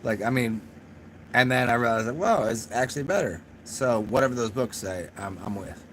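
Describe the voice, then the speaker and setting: There's a little hiss or hum behind this young man's medium-pitched, fairly bright voice, which moves at normal speed. Hosting a casual livestream, he chats with viewers in a rambling, profane, slightly drunk way, cracking himself up.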